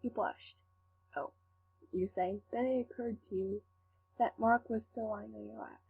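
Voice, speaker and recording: A woman reading fan fiction aloud, slowly and carefully. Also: fairly high pitch, steady tone, creaky. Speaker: fanfic reader. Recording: tinny lo-fi with faint hum.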